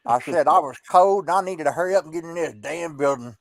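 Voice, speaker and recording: A man's voice: on the high side, fast talker, creaky, a loud crowd. A man co-hosting a podcast, telling folksy stories in casual chat with salty language. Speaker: podcast co-host.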